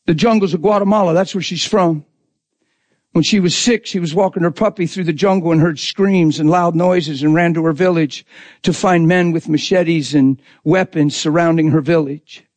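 A man's voice: on the high side, fairly even intonation, normal speed, a little mellow, no room sound. A man preaching a sermon in an intense, conversational way, acting out quotes as he goes.

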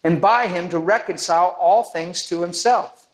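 High-voiced, animated male preacher. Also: moderate pace, rough recording. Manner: animated, acts out the people in his stories. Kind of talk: storytelling sermon.

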